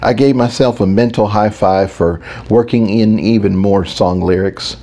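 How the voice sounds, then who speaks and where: A man's voice: on the low side, steady tone, moderate pace, dark tone. A man narrating a first-person audiobook in an intimate, reflective storytelling manner.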